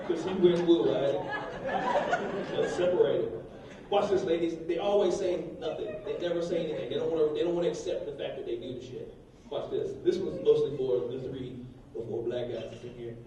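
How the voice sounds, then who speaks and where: A man's voice: a little high, distant mic, background noise. A man doing a brash, profane stand-up set on a comedy club stage, baiting the crowd. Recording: echoey live club, mic heard from afar, crowd laughter.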